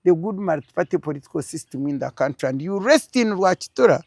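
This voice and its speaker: A woman's voice: on the low side, animated, fast, vocal fry, a little mellow, dry recording. An older woman with a Ugandan accent, telling a political story as an interview guest with strong, emphatic feeling.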